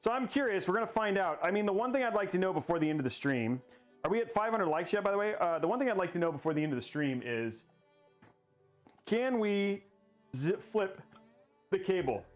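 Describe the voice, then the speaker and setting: A man with a high, animated voice, speaking a little fast, hosts a casual livestream while building a PC. He rambles and jokes at himself, goofy and laughing at himself as he talks to chat, with faint music behind his voice.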